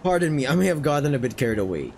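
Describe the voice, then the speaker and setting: A man's voice: mid-range voice, very animated, rapid-fire, creaky, darkish tone, a little hiss or hum. A man voicing a refined, bookish male painted dog who talks formally and rambles politely about music history. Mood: enthusiastic.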